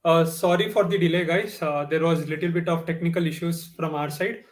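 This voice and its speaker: A man's voice: a little high, steady tone, fairly quick. A man hosting a livestream, apologizing for a delay and introducing the speaker with frequent uhs. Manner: apologetic, filler uh. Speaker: host.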